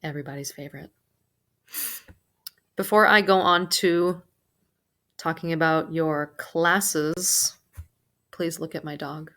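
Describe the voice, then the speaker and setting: A woman teaching a recorded Spanish vocabulary lesson, pronouncing each word slowly and carefully with casual asides. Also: sits low, fairly even intonation, fairly bright tone.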